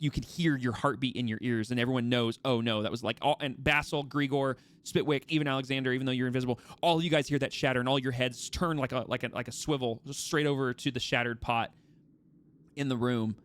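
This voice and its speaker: A man running a tabletop game as game master, narrating in a lively, animated way with frequent restarts. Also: medium pitch.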